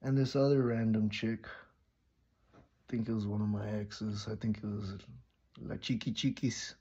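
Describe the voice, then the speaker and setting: A man telling a crude comedic anecdote in a deadpan, drawn-out way, on a dull lo-fi recording. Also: fairly low pitch, husky. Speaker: comedic storyteller.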